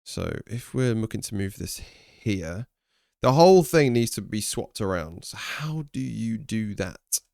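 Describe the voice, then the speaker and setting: A man's voice: lowish voice, lively intonation, a little slow, creaky, darkish tone, dry recording, studio quality. A young English man streaming live, chatting casually with viewers, thinking aloud and swearing now and then. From England.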